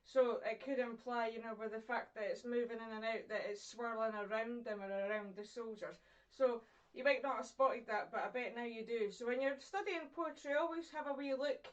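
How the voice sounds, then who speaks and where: A Scottish woman in the role of English teacher talks pupils through a poem in a chatty, encouraging way, asking questions and leaving pauses for them to think. Her voice sits a little high. The recording sounds dull and lo-fi, and she is a bit away from the mic. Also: recorded from a distance. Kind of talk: recorded online poetry lesson.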